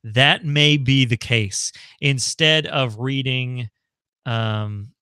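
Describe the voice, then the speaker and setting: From his home, an American man hosts a relaxed live stream, chatting through viewer questions in a casual Q&A. His medium-pitched voice is smooth, bright and forward, captured close and dry with no room sound. He talks loosely, thinking aloud and filling pauses with ums and easy laughter.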